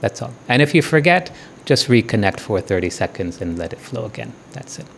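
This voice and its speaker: A man leads a devotional talk and guided meditation in a gentle, soothing way at a mid-range pitch. He keeps checking in with listeners with a soft "okay?" or "yes?". Faint room ambience sits under his voice. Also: animated, creaky, slight background noise. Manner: slow, soothing meditation guidance. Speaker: spiritual teacher.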